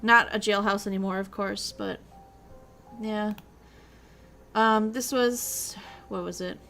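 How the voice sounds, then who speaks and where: A young woman streamer chats and rambles in an easygoing way, cursing freely as she goes. Her voice sits at an ordinary middle pitch. Quiet music plays faintly behind her. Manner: rambling, chatty, swears freely. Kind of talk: casual chat.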